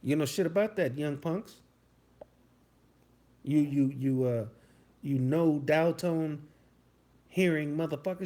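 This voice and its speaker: A man in his thirties delivering a loud, profane comedic rant, mock-scolding his chat as a streamer. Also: a little high, slow pace, long pauses.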